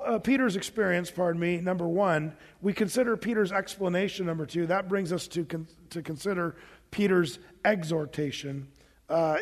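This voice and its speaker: A male pastor preaching a sermon, telling the story in an animated way with asides to the congregation. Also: high-pitched, vocal fry, in a large hall.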